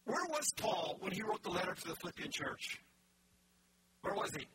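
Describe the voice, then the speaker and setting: Male pastor, high-pitched, chatty sermon style full of asides; distant mic with noisy background. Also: very animated, normal speed, pushed and bright. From Canada. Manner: storytelling with many restarts and asides.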